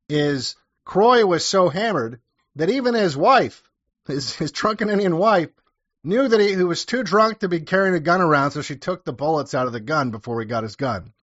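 A man's voice: a little high, a bit bright, no echo, muffled recording. A man telling a story in a casual, crude and sarcastic way, adding wry asides as he goes. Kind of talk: casual true-crime storytelling.

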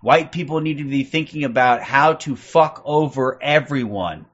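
A man's voice: medium pitch, moderate pace, dull audio. Profane, combative man in his forties. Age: 40s. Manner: profane, aggressive, repeats "okay?" constantly. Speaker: livestream host. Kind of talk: ranting livestream commentary.

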